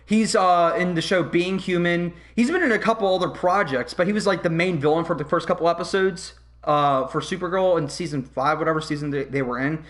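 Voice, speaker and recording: Podcast host, male, high-pitched, heated swearing rants. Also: a little fast, a bit bright. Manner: heated, swearing, ranting and acting out scenes. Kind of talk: casual podcast rant.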